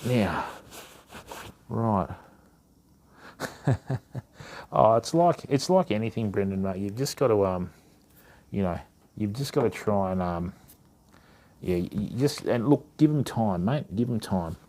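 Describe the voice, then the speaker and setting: Matey Australian man, mellow voice. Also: fairly low pitch, animated, slow pace, long pauses. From Western Australia. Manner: casual, matey, chats to viewers while working. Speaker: fishing channel host. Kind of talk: live-stream reel maintenance demo.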